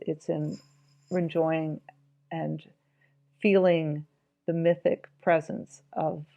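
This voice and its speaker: A woman with a low, gravelly voice and a dark, mellow tone talks her way through a book in a reflective, musing commentary. The recording is dull and lo-fi, with the highs rolled off. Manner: reflective, musing, reads passages aloud. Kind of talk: informal spoken commentary on a book.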